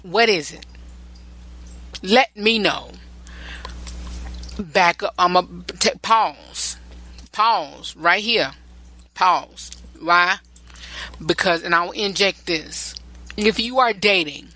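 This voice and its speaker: A man's voice: high voice, slow, long pauses, pushed and bright, rough recording. A male podcast host giving relationship advice in a rambling, repetitive and preachy solo talk.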